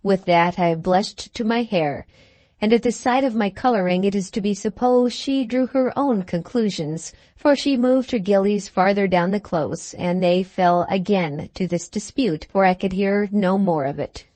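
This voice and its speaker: Woman narrator, audiobook, steady measured reading, mid-pitched, dry close sound. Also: no room sound. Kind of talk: scripted narration.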